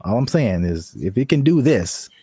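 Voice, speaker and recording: A man co-hosting a casual tech chat podcast, animated and joking, with sudden high shouted bits. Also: moderate pace, slightly rough, no echo, clean studio sound. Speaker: co-host.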